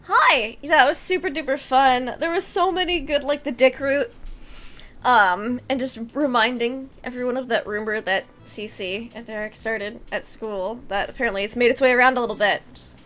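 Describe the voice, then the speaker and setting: Woman host, high bright voice, excitable, laughing, gushing chat. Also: moderate pace, soft background music. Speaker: host and tabletop game player. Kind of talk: casual wrap-up chat.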